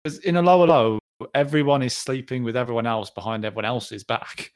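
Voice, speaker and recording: A man co-hosting a podcast, explaining a sitcom in a relaxed way with many hesitations. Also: medium pitch, fairly quick. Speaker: podcast co-host. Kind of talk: casual chat about a sitcom episode.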